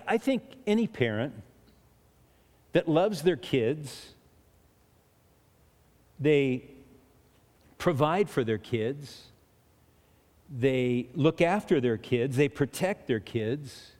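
A man's voice: on the high side, darkish tone. A man preaching a sermon in a chatty way, often restarting and chuckling between points. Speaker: pastor. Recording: long hall reverb.

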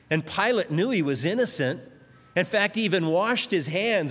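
A man's voice: fairly high pitch, lively intonation, unhurried, fairly bright tone, big-room sound. A pastor preaching a sermon, emphatic, stretching out his climactic lines as his voice rises.

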